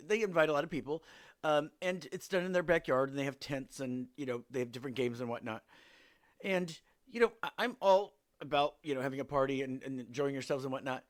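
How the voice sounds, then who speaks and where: A man's voice: medium pitch, fast. A man hosting a podcast, telling stories about his neighbors in a wry, exasperated way and acting out their lines. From Seattle area. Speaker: podcast host. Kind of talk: casual storytelling.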